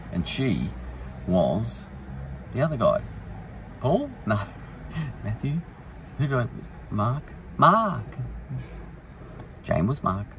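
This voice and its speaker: A man's voice: mid-range voice, sing-song, slow, pauses often, a little mellow, distant mic, a little hiss or hum, low-quality recording. A man hosting a podcast, rambling through a casual, irreverent monologue. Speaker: podcast host.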